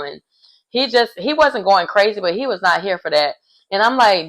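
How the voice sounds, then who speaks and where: A young adult woman giving a casual, animated recap of a reality show. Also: mid-range voice, a little slow, pauses often, rough recording. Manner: chatty and animated, acting out quoted lines.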